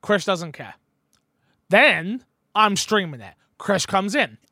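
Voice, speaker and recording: Man, podcast host, casual gaming chat, animated storyteller, dry close sound. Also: sits high, takes it slowly, dry recording. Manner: animated storyteller, slips into impressions.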